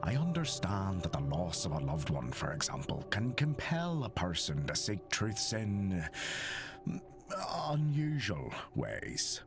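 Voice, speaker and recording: An actor playing a stern middle-aged reverend who delivers a solemn sermon in a measured, admonishing manner. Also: male voice, sits low, huge pitch swings, creaky, over music, heavily acted. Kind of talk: solemn game voice acting, sermon.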